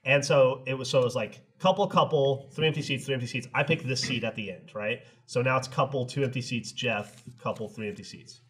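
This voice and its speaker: A man's voice: medium pitch, a little fast, few pauses, a bit bright, breathy edge. A middle-aged man on a podcast, telling a long story in casual chat and acting out both sides with laughs. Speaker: podcast co-host.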